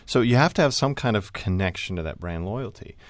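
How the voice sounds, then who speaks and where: A man's voice: lowish voice, lively intonation, fairly quick, no room sound. A man who is an advertising executive guest on a radio panel, speaking casually with you-knows and repeated words. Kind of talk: radio interview, casual conversation.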